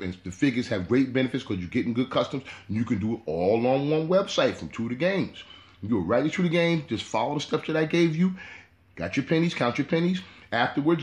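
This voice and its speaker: Man, hobby host, casual how-to talk, repetitive, middle pitch, echoey room. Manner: repetitive, loose, with frequent "you know".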